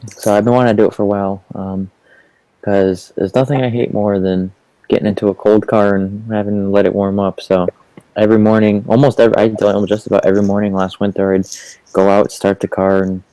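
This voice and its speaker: An easygoing man in casual chat, with a very low, dark, mellow voice. He murmurs agreement often and tells his side in a relaxed way. The sound is close and dry. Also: fast, no room sound, poor audio. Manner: easygoing, agreeable, frequent backchannels.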